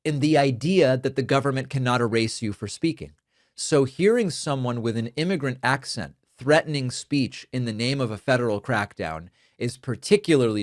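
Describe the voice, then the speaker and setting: A man who grew up speaking Spanish, hosting a political commentary show and talking in an earnest, emphatic, measured way into a studio microphone. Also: medium pitch, no echo. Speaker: show host. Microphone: studio dynamic microphone.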